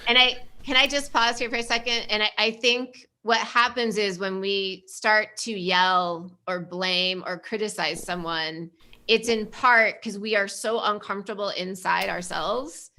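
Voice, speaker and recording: Bright-voiced woman speaking earnestly. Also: mid-range voice, steady tone, a little slow. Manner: earnest, thoughtful, emphatic. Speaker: podcast co-host. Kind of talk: casual conversation.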